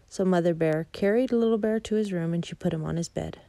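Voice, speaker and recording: Woman, low voice, gravelly fry, dark tone, dry close recording, calm children's story reading. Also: fairly quick, hardly any pauses, dry recording. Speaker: storybook reader. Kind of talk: reading a children's picture book aloud.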